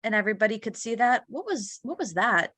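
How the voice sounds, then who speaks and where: A woman playing a tabletop game, chatting casually with quick, swearing remarks. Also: a little high, very animated, fairly bright tone, no echo. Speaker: player.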